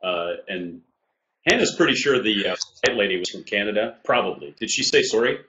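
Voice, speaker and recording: A man co-hosting a podcast, chatting in a relaxed, casual way and laughing easily. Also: fairly low pitch, a little fast. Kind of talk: casual chat. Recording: echoey room.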